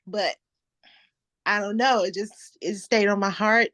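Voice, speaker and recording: A woman in her twenties, an author guest, speaking softly and earnestly in a casual interview. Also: mid-range voice, fairly even intonation, measured pace, dry recording. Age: 20s. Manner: soft-spoken, earnest and reflective.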